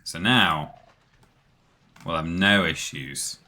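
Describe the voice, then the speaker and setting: A man's voice: deep voice, slow pace, sharp tone. A man hosting a livestream, giving casual commentary on the game he is playing with chatty, self-amused asides. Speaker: streamer host.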